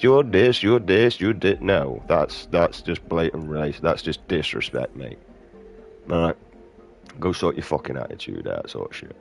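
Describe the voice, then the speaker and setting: This is a British gaming streamer with a very deep, gravelly voice. He rants casually and profanely, giving commentary over his gameplay.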